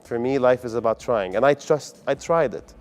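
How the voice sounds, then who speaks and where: A man's voice: mid-range voice, moderate pace, darkish tone. Upbeat earnest male comedian. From United Arab Emirates. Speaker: comedian and guest. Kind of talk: interview answers.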